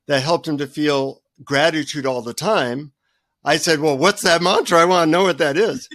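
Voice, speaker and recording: An older man, a guest author, telling a self-deprecating story with lively energy in a radio interview. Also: mid-range voice, no room sound, studio quality.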